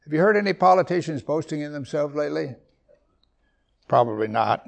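A man teaches a sermon in a gravelly voice, reading scripture slowly and with rising force. Between the verses he drops into quick, quiet asides and brief chuckles. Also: on the high side, expressive. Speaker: pastor.

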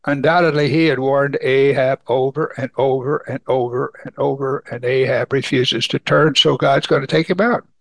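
Gravelly man preaching a Bible sermon. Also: medium pitch, steady tone, normal speed, few pauses, a bit bright, no echo. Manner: reads scripture aloud and comments conversationally.

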